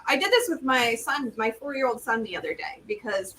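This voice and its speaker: A young woman co-hosting a live stream talk show, telling a story in an animated way and laughing often. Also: fairly high pitch, fairly quick. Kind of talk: casual conversational chat. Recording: distant mic, faint room noise.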